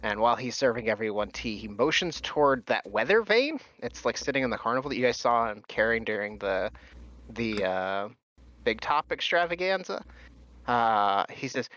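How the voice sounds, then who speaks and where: A man narrates a tabletop game as game master, often pausing with fillers and lively in his pitch. The recording is dry, dull and lo-fi. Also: dry recording. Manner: hesitant, filler-heavy narration.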